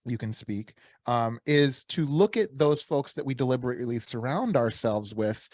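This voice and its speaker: A man's voice: medium pitch, animated, moderate pace, darkish tone, no room sound, studio quality. A man hosting a podcast, reflecting aloud and asking questions, often with "um" and "uh". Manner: reflective, thinks aloud with fillers. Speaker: podcast host. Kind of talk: interview questions.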